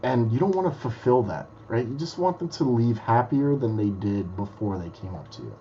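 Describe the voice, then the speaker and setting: Male podcast guest, blunt and foul-mouthed, mid-pitch, slightly muffled recording. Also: lively intonation, normal speed, warm tone, a little hiss or hum. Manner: blunt, swears freely. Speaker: guest magician. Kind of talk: casual podcast chat.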